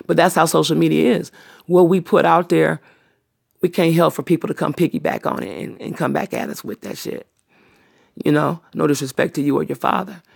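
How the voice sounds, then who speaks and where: Low-pitched, creaky and husky, a middle-aged woman rants unscripted on her own livestream. She's blunt, swears freely and talks at great length.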